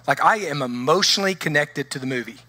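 A man preaching a conversational sermon to his congregation, animated and full of restarts. His voice sits a little high and rings bright and forceful. The sound is close and dry. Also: fast, dry recording. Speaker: pastor. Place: church sanctuary.

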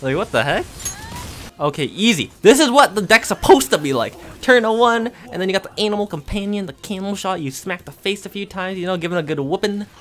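A young man giving casual, excitable commentary while playing a card game, laughing often and muttering to himself. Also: high-pitched, brisk. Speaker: gaming video creator.

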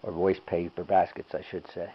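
A man at home talking gently to his cat, asking it doting, teasing questions while filming on a handheld camera. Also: low-pitched, completely flat delivery, moderate pace, a little hiss or hum. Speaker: pet owner. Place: home indoors. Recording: dull lo-fi home video.

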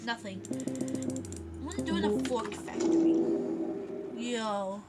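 A woman giving live commentary as she plays a video game, full of gasps and excited squeals. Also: fairly high pitch, measured pace, over loud music. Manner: excitable, gasping, squealing reactions. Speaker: gameplay vlogger.

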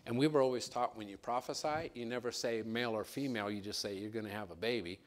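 A man preaching from the pulpit, drifting from quiet asides into excited, raised storytelling. His pitch sits in an everyday middle range for a man. The delivery is lively and the story keeps him moving. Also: fast. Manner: animated storyteller, rising and louder when excited. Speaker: pastor. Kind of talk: sermon with storytelling.

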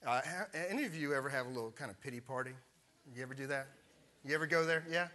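A man's voice: mid-range voice, quick pace, bright, forceful tone. A middle-aged male pastor preaching a sermon, telling a personal story in a conversational way and asking the congregation questions.

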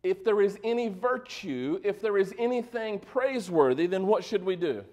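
High-voiced man preaching a sermon. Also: animated, normal speed, darkish tone. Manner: conversational preaching, asks the congregation for replies; joking asides. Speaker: pastor.

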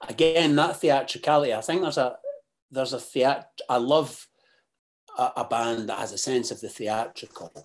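A Scottish man talking as a podcast guest, halting and full of restarts, then bursting into animated, sweary asides. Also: fairly low pitch. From Scotland. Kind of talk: casual interview chat.

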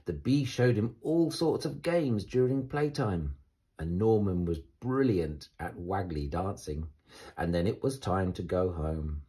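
A man reading a children's bedtime story aloud in a gentle, expressive way. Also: low-pitched, unhurried.

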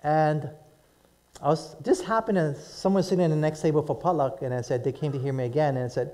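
A middle-aged male pastor preaches a sermon to a live congregation, telling stories animatedly and frequently asking "right?" and "amen?". His voice is on the high side, fast, and warm.

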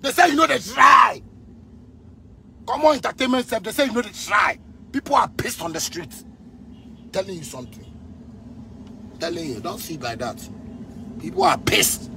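A man in his thirties with a Ghanaian Pidgin English accent rants at full force, shouting and repeating his points again and again. His voice sits high and sounds bright and gravelly. A faint hiss of background noise runs under the recording. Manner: repetitive, shouting, fiery. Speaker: musician ranting on video. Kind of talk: angry rant.

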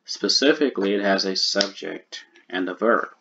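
A man teaching a grammar lesson, speaking slowly and deliberately and repeating the key points. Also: sits low, creaky, bright, forceful tone, muffled recording, a little hiss or hum.

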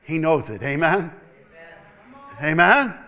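A man's voice: fairly high pitch, slow pace, highs cut off. A male pastor preaching a sermon in a church, calling out "Amen?" to the room, chuckling and repeating words as he builds up. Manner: animated preaching with repeated call-outs for "Amen?".

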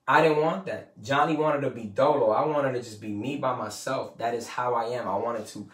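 A man's voice: mid-range voice, normal speed. A man hosting a podcast, giving a casual, profane motivational talk, rambling and emphatic and quoting people in put-on voices. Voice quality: swears freely, slangy street talk. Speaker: podcast host. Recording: roomy and distant from the mic.

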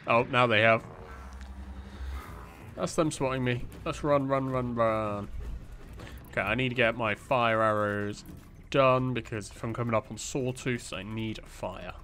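A young man talks his way through a video game in a loose, rambling style, padding with fillers and joking at his own expense. His voice sits at an ordinary middle pitch, recorded close on a desktop mic with a faint hiss underneath. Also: steady tone, moderate pace, bright, forceful tone. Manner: rambling, self-deprecating, lots of fillers. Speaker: gameplay commentator. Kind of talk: casual let's-play commentary.

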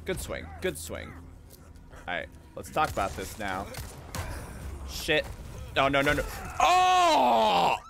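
Man, game streamer, casual commentary, joking, swearing, very lively pitch, bright tone. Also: measured pace, pauses often, a little hiss or hum. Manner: joking and swearing, with sudden high-pitched outbursts.

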